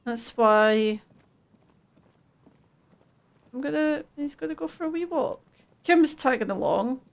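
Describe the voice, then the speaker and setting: A woman's voice: sits high, animated, normal speed, creaky. A woman streaming a game live, chatting casually, laughing easily and reading the game's text aloud.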